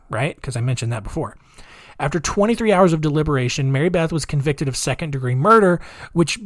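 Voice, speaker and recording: A man's voice: on the high side, dry recording, studio quality. A man hosting a podcast, telling a history story casually, with sarcastic rambling asides. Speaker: podcast host.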